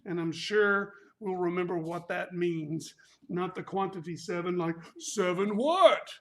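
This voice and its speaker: A man's voice: high voice, level tone, unhurried. A male martial arts instructor leading a live workout class, counting reps aloud and cracking playful, corny puns in an echoey studio. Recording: echoey room.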